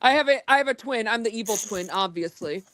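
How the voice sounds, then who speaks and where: A woman's voice: fairly high pitch, lively intonation, quick pace, fairly bright tone, a little hiss or hum. A young woman in her twenties chatting casually on a podcast, telling stories with dry, wry humor. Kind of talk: casual chat.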